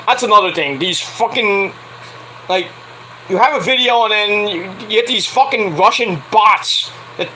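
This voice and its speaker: A man's voice: sits high, pushed and bright, a little hiss or hum, poor audio. A man ranting heatedly on a late-night livestream, swearing constantly as he reviews wrestling. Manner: profane, heated, fired-up ranting.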